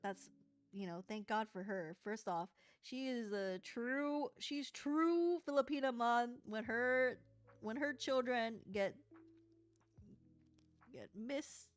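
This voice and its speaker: A young adult woman livestreaming as she crafts, telling a story in a rambling, animated way with laughs. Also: a little high, takes it slowly, clear, resonant tone, no echo, soft background music. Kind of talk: casual live-stream chat while crafting.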